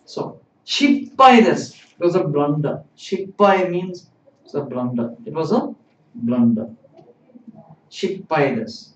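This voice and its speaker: A man teaching a Japanese lesson, repeating each phrase and translating it in a deliberate, explanatory way. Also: a little high, animated, a little hiss or hum. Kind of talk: live-streamed language lesson. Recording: echoey, distant, dull live-stream audio.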